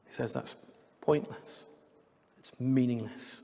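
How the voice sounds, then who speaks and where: A man's voice: medium pitch, slow, warm tone. A man preaching a sermon during a church service, talking in a conversational way and adding light jokes. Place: church sanctuary. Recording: long church hall reverb.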